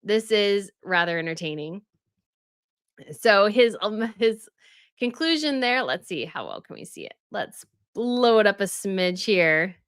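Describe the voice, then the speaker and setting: A woman's voice: mid-range voice, lively intonation, a little slow, smooth, no echo, clean studio sound. A woman hosting a casual livestream, chatting with viewers and reading their comments aloud, often laughing as she goes. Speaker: royal news livestream host.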